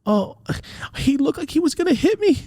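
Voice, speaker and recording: A man doing a high, whimpering falsetto impression of a manipulative middle-aged mother who is fake-sobbing, up close on a dry podcast mic. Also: big pitch swings, moderate pace, mellow, dry recording, heavily acted. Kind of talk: storytelling impression.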